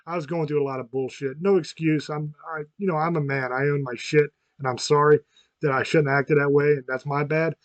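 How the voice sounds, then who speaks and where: A man's voice: a little high, steady tone, brisk, no echo. Profane rambling man in his fifties. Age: 50s. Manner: rambling, frank and profane, with many restarts. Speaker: podcast host. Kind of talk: casual chat.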